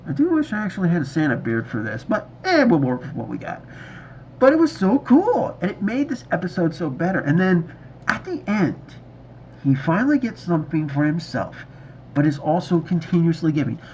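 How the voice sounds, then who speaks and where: A man's voice: fairly high pitch, big pitch swings, brisk, a little mellow, a little hiss or hum. A man reviewing a TV episode in casual video chat, enthusiastic and rambling, recorded on a dull lo-fi mic. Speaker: movie reviewer.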